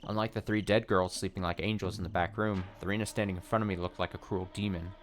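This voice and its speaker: A man hosting a let's play, reading a visual novel's text aloud in a steady voice with short wry asides. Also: deep voice, quick pace, soft background music.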